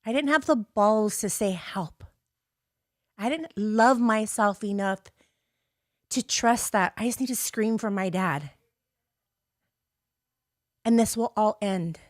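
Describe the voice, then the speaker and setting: A woman's voice: mid-range voice, measured pace, long pauses, dry recording, studio quality. A woman hosting a podcast, telling a painful personal story candidly and with strong emotion, swearing freely and acting out quoted lines. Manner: acts out quoted lines in changed voices. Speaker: podcast host.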